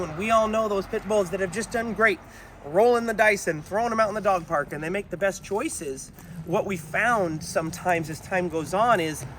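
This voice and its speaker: A man's voice: high-pitched, background noise. A man working as a dog trainer, giving an outdoor training talk to camera and encouraging viewers he keeps calling folks. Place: outdoors in a town.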